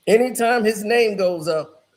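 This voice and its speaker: A man's voice: high voice, measured pace, echoey room, rough recording. A man hosting casual commentary in a laid-back, conversational way.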